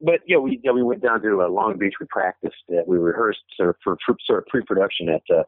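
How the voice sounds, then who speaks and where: Over a tinny phone line with no echo, a low-voiced man from Michigan, USA, a former punk band member, tells stories as an interview guest. He is animated and fast, rambling with many restarts and fillers and laughing as he goes.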